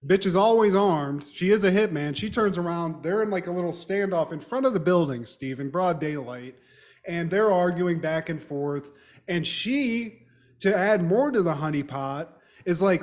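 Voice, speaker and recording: Brief: high-pitched man, podcast co-host, loose and profane recap, laughs often. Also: a little slow. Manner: animated, laughing storyteller, swears a lot. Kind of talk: casual profane chat.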